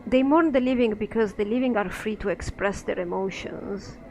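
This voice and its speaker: A woman giving let's-play commentary, musing aloud in a soft, thoughtful way. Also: medium pitch, normal speed, a little hiss or hum, rough recording. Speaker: game streamer.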